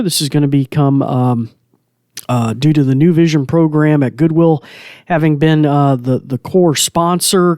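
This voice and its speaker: A podcast host who also teaches assistive technology chats casually, laughing often and using plenty of fillers. His voice is on the high side and a little mellow, with studio-quality sound and no echo.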